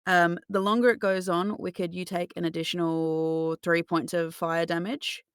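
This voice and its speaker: A woman running a tabletop role-playing game, describing the scene slowly and in detail to her players. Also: fairly low pitch, level tone, clean tone, dry recording, studio quality. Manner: slow, descriptive scene narration. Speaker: game master.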